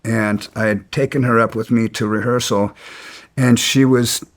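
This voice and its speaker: A man's voice: mid-range voice, fairly even intonation, moderate pace. A man as an interview guest, telling stories bluntly and with some resentment, stumbling and restarting his sentences. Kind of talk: casual storytelling.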